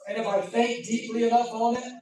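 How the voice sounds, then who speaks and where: A man's voice: very high voice, level tone, fairly quick, mellow. A man preaching as pastor, telling chuckling, folksy stories with asides to the congregation. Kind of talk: sermon. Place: church sanctuary. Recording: very echoey hall from a distance.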